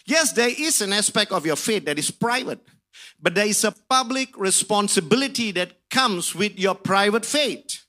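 A man preaching a sermon with fervor, rising to shouts on key phrases and stretching out key words. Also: sits high, lively intonation. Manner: drawn-out emphasis on key words.

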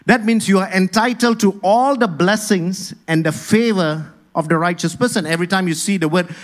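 A man delivers a sermon from the pulpit, with a voice pitched well above most men. He speaks with energy and keeps calling on the congregation to answer and repeat his words. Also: normal speed, hardly any pauses. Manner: energetic, rousing congregation to respond. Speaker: pastor.

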